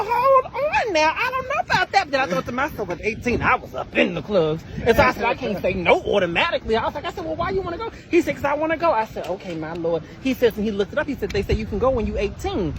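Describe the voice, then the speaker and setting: Fast-talking animated storyteller man. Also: a crowd in the background, low-quality recording. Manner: flamboyant, exclaiming, with sudden high-pitched quoting. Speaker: host.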